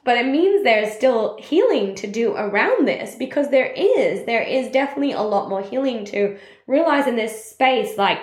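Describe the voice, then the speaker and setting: A woman's voice: on the high side, animated, moderate pace. A young adult woman who leads a network marketing team, talking openly and reflectively about her setbacks in a confessional, self-help way, with plenty of "like" fillers. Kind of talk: personal reflective monologue. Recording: roomy echo.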